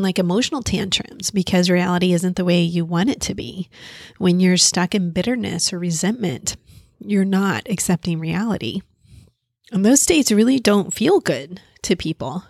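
A woman's voice: mid-range voice, gravelly, a little mellow, no room sound, studio quality. A woman therapist explaining a coping skill in a casual, conversational way, thinking aloud as she goes. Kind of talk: casual teaching talk.

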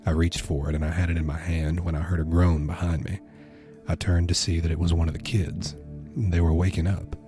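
Deep-voiced male narrator, tense horror reading over soft music. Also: level tone, brisk. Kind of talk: first-person horror story narration.

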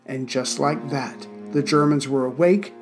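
A man's voice: mid-range voice, unhurried, soft background music. A man hosting a history podcast from Central Virginia, narrating events with dry, wry asides and thanking listeners casually.

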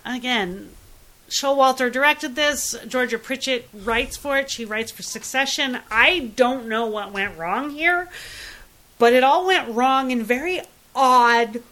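A woman's voice: high-pitched, a little slow, sharp tone, poor audio. A woman co-hosting a podcast, chatting in an opinionated, casual way about TV shows. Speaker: podcast co-host. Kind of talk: casual chat reviewing TV and films.

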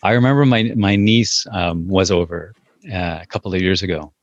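A man's voice: deep voice, normal speed, no echo, dull audio. A man talking casually as a guest about parenting, hesitant, with many fillers and restarts as he tells stories. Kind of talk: casual podcast conversation.

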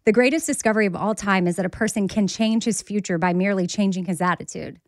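A woman's voice: mid-range voice, fast, no echo. Chatty woman podcast co-host, dry sound. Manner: chatty, animated, laughs often. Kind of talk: casual chat.

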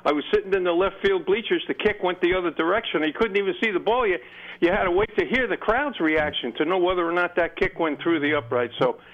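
A man's voice: high voice, fast talker. An older man, a longtime fan, calling a radio show and rambling on in frustration. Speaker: caller. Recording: muffled phone line.

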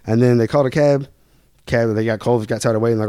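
A man's voice: medium pitch, fairly even intonation, racing, mellow, clean tone, no echo, clean studio sound. A young man from Louisville, Kentucky, telling rambling, profane stories as a podcast guest. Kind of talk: casual storytelling.

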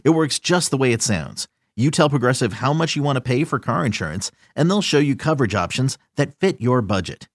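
A man reading a polished insurance advertisement, his voice in a middle register. He keeps the read smooth and upbeat. The sound is dry and close. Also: medium pitch, animated, a little fast, hardly any pauses, no echo. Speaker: ad announcer.

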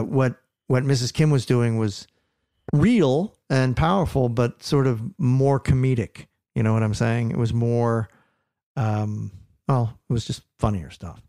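Animated gravelly man chatting. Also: mid-range voice, no echo, studio quality. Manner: animated, stammering restarts, sports slang. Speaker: podcast co-host. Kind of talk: casual chat.

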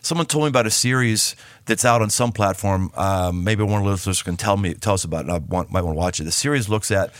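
A man's voice: lowish voice, fast talker, hardly any pauses, dry recording, studio quality. A man in his fifties, a podcast host talking as the guest, speaking emphatically and often repeating and restarting his words. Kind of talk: casual podcast conversation.

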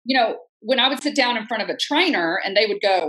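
A woman's voice: fairly high pitch, a little fast, hardly any pauses, low-quality recording. A woman in her fifties, a podcast guest, telling a personal story frankly and acting out what people said. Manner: animated, acts out quoted speech, frank. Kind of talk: conversational storytelling.

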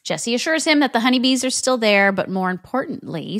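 A woman's voice: fairly high pitch, expressive, a little fast, a bit bright, dry recording, studio quality. A woman podcast co-host in a casual recap chat, summarizing plot in a chatty way.

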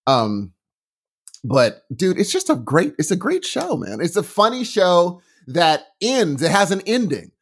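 Guy on a podcast, kinda high voice, bouncy and excited, does little voices for quotes. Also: unhurried. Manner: animated, enthusiastic, acts out quotes. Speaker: podcast co-host. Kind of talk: casual chat.

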